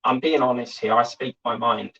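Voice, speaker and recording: Lo-fi audio captures a model-kit stream host whose medium-pitched voice is steady, pushed and bright, with vocal fry, at a moderate pace. He chats in a rambling way and reads out comments from viewers.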